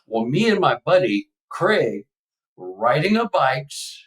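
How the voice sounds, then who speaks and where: A man's voice: on the high side, takes it slowly. Older Texan man, slightly distant mic. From Texas. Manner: emotional, animated storyteller with rambling asides. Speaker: podcast guest. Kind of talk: casual storytelling.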